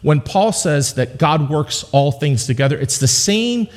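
A man's voice: fairly high pitch, expressive, measured pace, big-room sound. A man preaching a sermon in a church, conversational and joking with the congregation, driving points home with emphatic repetition. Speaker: pastor. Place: church sanctuary.

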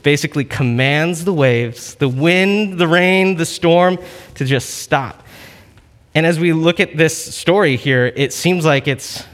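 A man's voice: on the high side, measured pace, a bit bright, big-room sound. A man preaching a casual sermon, telling a story in a chatty, conversational way full of fillers.

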